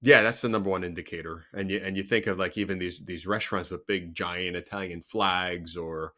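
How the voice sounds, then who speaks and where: Male podcast host, low voice, emphatic and insistent, pressing his point with questions. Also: fairly even intonation, a little fast, pushed and bright. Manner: emphatic, argues by repeating questions. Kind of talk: casual interview chat.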